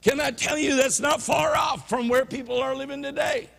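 A pastor with a Louisiana Southern accent preaching a sermon in a church sanctuary, swinging from low murmurs to loud emphatic peaks. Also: male voice, fairly even intonation, moderate pace, vocal fry. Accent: Louisiana Southern American. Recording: reverberant church hall.

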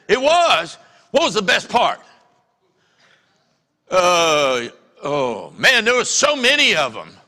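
Brief: pastor, middle-aged, bright tense voice, folksy storyteller, reverberant church hall. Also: male voice, high-pitched. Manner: folksy, animated storytelling with acted-out quotes. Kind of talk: sermon. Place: church sanctuary.

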